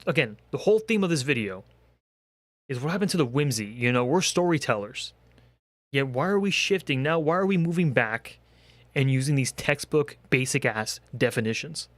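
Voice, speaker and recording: A young male commentary creator launches into a comedic rant, exasperated and profane, firing off one rhetorical question after another. His voice is a little high, with no echo.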